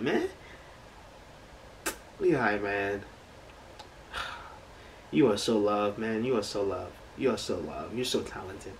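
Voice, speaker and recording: A man talks through a reaction video in casual, slangy commentary, stressing his words and circling back to the same phrases. His pitch sits in the middle range. A faint hiss of background noise runs under his voice. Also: measured pace, pauses often. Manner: slangy, emphatic, repeats phrases.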